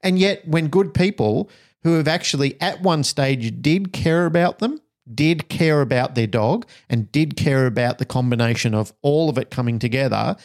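A man's voice: medium pitch, moderate pace. Blunt man telling a story. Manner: animated storytelling, acts out quoted dialogue, blunt and swearing. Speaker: dog trainer, podcast co-host. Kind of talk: casual podcast chat.

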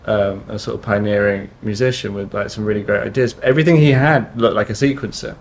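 A man talking in a casual interview, halting, with many restarts and fillers. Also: on the low side, fairly even intonation, slight background noise. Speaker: guest musician.

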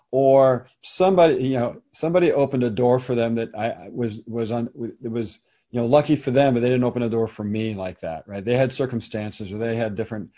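A man's voice: medium pitch, mellow, breathy edge. A middle-aged man hosting a conversation, thoughtfully explaining a psychology idea in casual talk with restarts. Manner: thoughtful, explanatory, with frequent restarts and small laughs.

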